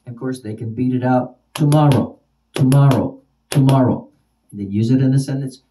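Mellow-voiced male teacher, slightly distant. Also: medium pitch, steady tone, slight background noise. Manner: repeats example words slowly with varied stress. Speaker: ESL teacher. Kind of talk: spoken lesson for teachers.

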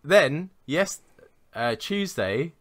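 A man's voice: fairly high pitch, big pitch swings, extremely slow, no room sound. A man co-hosting a podcast, telling a rambling work story in casual chat, swearing and laughing as he goes. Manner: rambling, swearing, laughs at his own stories. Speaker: podcast co-host.

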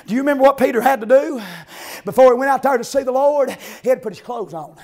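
A man preaching an old-time revival sermon, chanting his lines with "uh" breaks, shouting amens and hallelujahs. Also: extremely high pitch, quick pace.

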